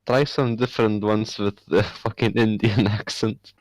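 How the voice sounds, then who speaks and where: Slow, giggly man on a call. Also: on the low side, fairly even intonation, no room sound. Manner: giggly, pushes others to do bits. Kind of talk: casual voice chat.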